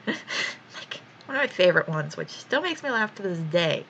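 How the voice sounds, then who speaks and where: Lively, gravelly-voiced young woman streamer. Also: fairly low pitch, a little slow, dull audio, a little hiss or hum. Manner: swears freely, laughs often, animated storytelling. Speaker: art streamer. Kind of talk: casual chat while drawing on stream.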